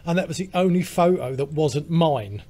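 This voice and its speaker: A man's voice: fairly high pitch, expressive, normal speed, dark tone. Rambling British man telling a story. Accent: British English. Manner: rambling storyteller, many fillers. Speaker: podcast co-host. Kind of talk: casual chat.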